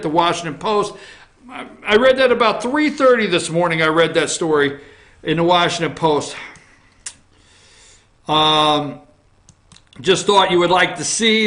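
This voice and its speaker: A man's voice: sits high, sharp tone. A man hosting a casual opinion talk show from his office, reading through news items with a wry, teasing manner. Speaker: host.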